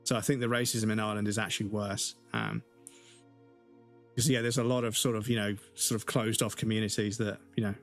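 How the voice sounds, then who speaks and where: A man's voice: fairly low pitch, level tone, brisk, fairly bright tone, soft background music. Profane, heated male streamer ranting. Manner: heated, profane, swears constantly. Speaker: game streamer. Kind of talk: casual ranting chat while streaming.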